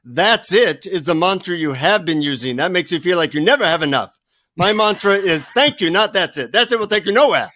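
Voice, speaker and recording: A man voicing a stern, solemn older Indian guru with an Indian accent, speaking slowly and gravely. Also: high-pitched, lively intonation, bright, forceful tone, no room sound, clean studio sound.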